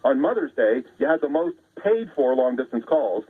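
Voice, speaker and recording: A man's voice: mid-range voice, big pitch swings, moderate pace, husky. A man, a guest calling in to a radio show, lecturing in an assertive way over the phone. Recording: tinny phone line.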